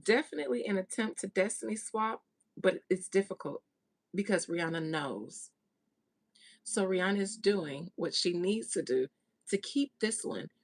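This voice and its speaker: A woman's voice: mid-range voice, animated, normal speed, creaky. Blunt, gossipy woman reader. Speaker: tarot reader. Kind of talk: casual monologue, spiritual reading.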